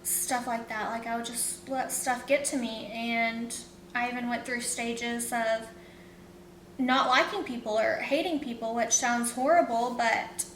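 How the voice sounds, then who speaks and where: A woman's voice: steady tone, unhurried, a bit bright. A young woman, a vlogger, casually telling a personal story in a rambling, emotional way with many fillers. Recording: roomy echo, faint rumble.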